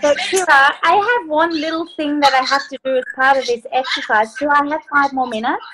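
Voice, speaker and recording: High-voiced woman coaching over a phone. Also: a little fast, background noise. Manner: upbeat, playful instructions. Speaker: life coach. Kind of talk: leading a group coaching call. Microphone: phone on a video call.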